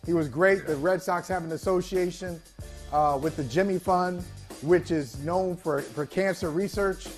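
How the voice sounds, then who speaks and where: High-voiced man telling stories. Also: measured pace, soft background music. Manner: animated storyteller, laughs while telling anecdotes. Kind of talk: casual sports talk show chat.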